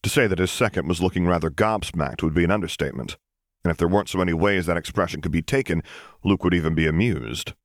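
A man reading fan fiction aloud as an audiobook, narrating in a calm, even storytelling manner. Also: sits low, fast, no echo, studio quality. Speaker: audiobook reader.

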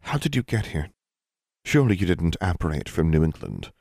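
A man's voice: low voice, huge pitch swings, a little fast, vocal fry, a little mellow, no echo, studio quality, full character voice. Man doing a cool, icy witch dean. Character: cool, steady older witch dean, female.

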